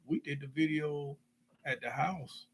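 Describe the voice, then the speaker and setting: A man's voice: a little high, steady tone, a little slow, fairly bright tone, slightly rough. Laid-back man trailing off. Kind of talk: casual chat.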